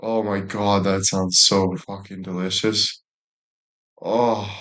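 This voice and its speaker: A young man in loose, crude conversation, talking in circles and breaking into laughter. His voice sits a bit on the low side. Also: level tone, unhurried, sharp tone. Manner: crude, rambling, laughs often. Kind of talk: casual chat.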